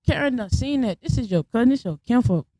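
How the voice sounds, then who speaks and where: A woman's voice: fairly high pitch, fast, no echo. Slangy woman telling a story, dry sound. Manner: blunt, slangy, animated retelling with quoted voices. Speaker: podcast host. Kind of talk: casual storytelling monologue.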